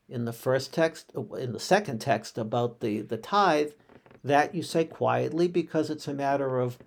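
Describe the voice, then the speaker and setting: Man teaching a measured scripture lesson. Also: a little high, a little mellow. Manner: measured, explanatory, repeats phrases with small restarts. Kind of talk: explanatory Torah lesson.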